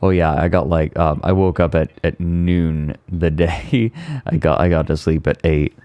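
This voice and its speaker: Super deep dark voiced guy streaming, tired, rambly, trips over his words. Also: unhurried, smooth, no room sound. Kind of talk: casual chat.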